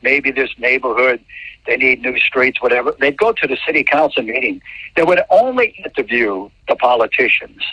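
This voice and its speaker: A man's voice: medium pitch, husky, no room sound. A man from New Orleans who works as a TV sportscaster tells a story in an interview, rambling and often restarting his words. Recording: dull lo-fi, dry.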